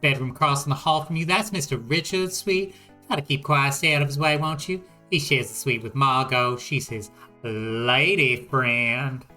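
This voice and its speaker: A man's voice: medium pitch, moderate pace, sharp tone, faint music behind. A man voicing a busy, bossy male lodge keeper with a put-on Canadian accent and a folksy manner. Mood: brusque.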